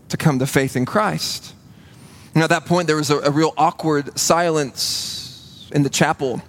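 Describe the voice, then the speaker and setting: A man preaching a sermon in a church, earnest and building to a hushed intensity on key points. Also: fairly high pitch, normal speed. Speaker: pastor.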